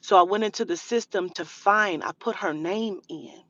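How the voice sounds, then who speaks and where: A woman's voice: mid-range voice, moderate pace, fairly bright tone, no room sound, highs cut off. A woman telling a heated storytime rant to camera, profane and indignant, mimicking the person who harassed her. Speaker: spiritual reader.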